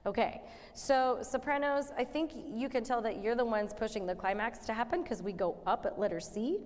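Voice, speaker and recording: A woman's voice: fairly high pitch, moderate pace, a little mellow. A woman choir director counting in and giving friendly directions to her singers during rehearsal. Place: rehearsal hall. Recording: long hall reverb.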